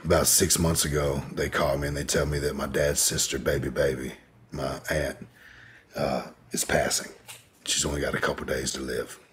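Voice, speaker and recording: A man's voice: rumbling low, level tone, moderate pace, a bit bright, slight background noise. A man telling a personal story in an interview, in a laid-back, rambling way, with lots of "you know". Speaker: podcast guest.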